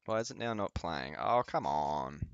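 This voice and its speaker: A man's voice: extremely low pitch, lively intonation, moderate pace, smooth, no room sound, dull audio. A man commentating on a clip during a casual live stream, swearing and mocking people in put-on voices. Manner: swearing, sarcastic, acts out people in exaggerated voices.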